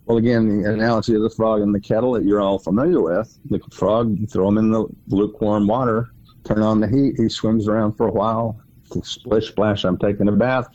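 A man's voice: fairly low pitch, flat delivery, a little fast, dark tone, dull audio, slight background noise. A middle-aged man hosting a financial radio show, explaining at length and stressing points by repeating words. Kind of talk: casual explanatory talk.

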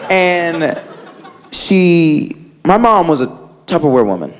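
A man doing a stand-up routine, acting out family members in animated voices. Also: on the high side, normal speed. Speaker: stand-up comedian. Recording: live club recording with crowd noise.

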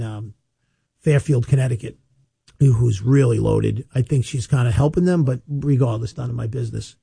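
A man, an estate planning attorney giving casual, chatty advice with storytelling asides and emphatic slowed-down points. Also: mid-range voice, creaky, dark tone, breathy edge, dry recording, clean studio sound. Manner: emphatic, slows down to stress points. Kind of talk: casual advice monologue to camera.

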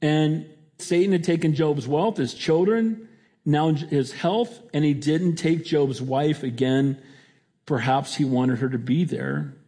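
A man's voice: fairly high pitch, slow pace, warm tone. A middle-aged male pastor preaching a sermon in a conversational way, often restarting his sentences.

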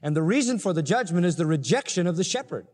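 A man's voice: high-pitched, very animated, fast, darkish tone. Preacher man in an echoing hall. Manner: emphatic teaching, explains scripture verse by verse. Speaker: pastor. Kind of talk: expository sermon. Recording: long hall reverb.

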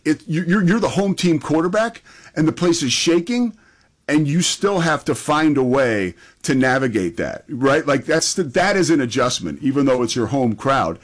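A man hosting a sports talk show, chatting in an enthusiastic, conversational way. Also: medium pitch.

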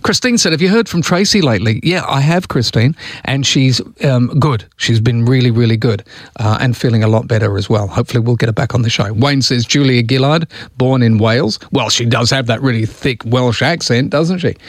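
A man's voice: mid-range voice, fairly quick, no echo, clean studio sound. A man with an Australian accent hosting talkback radio in a chatty, joking way, reading out listener messages. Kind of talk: casual radio talk. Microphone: studio microphone.

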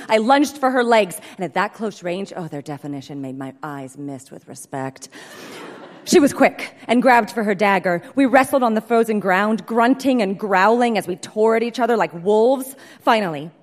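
A woman performing a comic story reading live, in a brisk, deadpan manner, heard in an echoey hall. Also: medium pitch. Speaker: comedic storyteller.

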